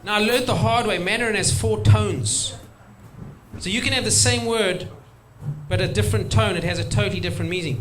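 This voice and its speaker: A man's voice: high-pitched, brisk, background noise. A man doing a chatty stand-up set, often laughing at his own jokes. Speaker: stand-up comedian. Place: stage at a live comedy show.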